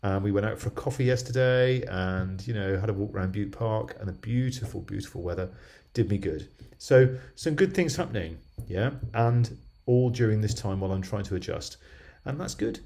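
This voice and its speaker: A man's voice: fairly low pitch, normal speed, darkish tone. An older man from southwest England, chatting in a casual video diary, rambling and checking in with the listener. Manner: chatty, rambling, frequent "yeah?" tags. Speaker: video diarist.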